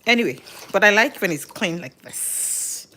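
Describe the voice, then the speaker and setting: A woman's voice: medium pitch, lively intonation, normal speed, sharp tone, a little hiss or hum. Chatty middle-aged woman cooking. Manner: chatty, thinks aloud, self-correcting. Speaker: home cook and live streamer. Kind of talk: casual live cooking chat. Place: home kitchen.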